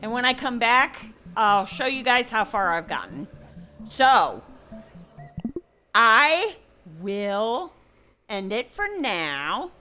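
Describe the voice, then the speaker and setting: A woman's voice: on the high side, sing-song, slow pace, long pauses, sharp tone, slight background noise. An older woman hosting a gaming video, telling a rambling folksy story over her gameplay. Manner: rambling, folksy, chatty with many fillers. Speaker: gaming channel host. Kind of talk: casual gameplay commentary with storytelling.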